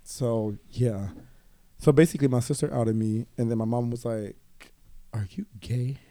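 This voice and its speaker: A man's voice: medium pitch, normal speed, no room sound. Chatty swearing man, dry close sound. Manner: animated, profane, quotes others in voices. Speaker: guest. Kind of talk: casual storytelling chat.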